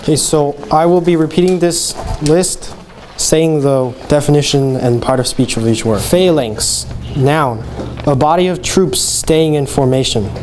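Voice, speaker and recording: A teenage boy with a slightly high voice teaching vocabulary to a class. He says each word slowly and carefully, like a student playing teacher. Faint background noise sits under the recording. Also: darkish tone. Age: teens. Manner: careful, deliberate enunciation. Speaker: student presenter.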